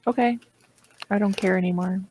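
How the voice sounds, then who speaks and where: A woman playing a tabletop role-playing game, chatting in a blunt, joking way and quick to swear. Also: medium pitch, steady tone, darkish tone, a little hiss or hum. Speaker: player. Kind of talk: casual chat while playing a tabletop game.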